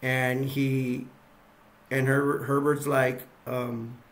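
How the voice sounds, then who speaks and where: A man's voice: mid-range voice, little pitch movement, takes it slowly. A man casually recapping a film's scenes, rambling and repeating himself as he acts bits out. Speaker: movie reviewer.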